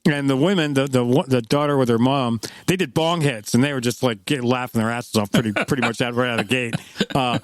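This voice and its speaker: A man's voice: mid-range voice, fairly quick. A man in his fifties, co-hosting a podcast, tells loose rambling stories in casual chat and acts out the quotes. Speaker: podcast co-host.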